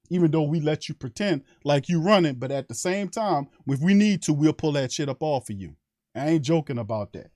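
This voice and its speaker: A man rants into a close mic on a sports live stream. His voice sits fairly high and sounds dry, with no room echo. He talks in a heated, emphatic, profane way and keeps repeating his points. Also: a little mellow. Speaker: sports podcast host. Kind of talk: fired-up fan rant on a live stream.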